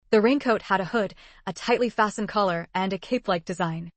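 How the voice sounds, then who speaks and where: A woman's voice: mid-range voice, brisk, dry recording. Woman narrating a dramatic story.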